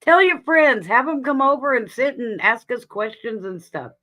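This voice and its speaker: Bright-voiced woman hosting a faith livestream. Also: on the high side, expressive, normal speed. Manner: earnest, sharing personal faith, breaks into laughs. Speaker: livestream host. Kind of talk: casual chat on a livestream.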